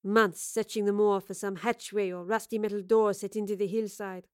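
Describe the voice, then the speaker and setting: A woman voicing a scheming, resentful woman who talks in a scornful, clipped and hushed way. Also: mid-range voice, little pitch movement, normal speed, no room sound, studio quality, natural voice.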